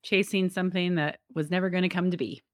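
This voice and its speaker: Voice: mid-range voice, steady tone, dry recording, clean studio sound. A podcast host who mostly agrees briefly and asks the next question. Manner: encouraging, quick agreement and laughs. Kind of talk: interview, brief backchannel.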